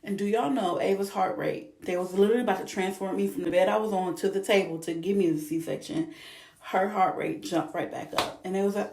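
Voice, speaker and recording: A young woman telling her birth story in a lively, expressive way, with features. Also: mid-range voice, brisk, slight background noise. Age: young adult. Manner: animated, expressive, vivid retelling. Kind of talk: casual storytelling to camera. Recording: roomy echo.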